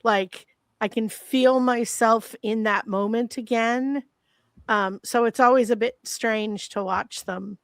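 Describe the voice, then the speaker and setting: A woman in her fifties with a gravelly voice, reflecting casually on her past acting work on a panel. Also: on the high side, fairly even intonation, slow, no room sound. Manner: reflective, warm storytelling with laughs. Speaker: guest, former child actress.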